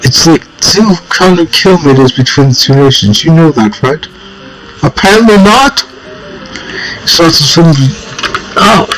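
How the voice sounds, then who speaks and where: A man's voice: on the high side, moderate pace, few pauses, fairly bright tone, soft background music, low-quality recording. Chatty man narrating a text game. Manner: wry, chatty, reading choices aloud. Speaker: gameplay narrator. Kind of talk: casual let's-play commentary.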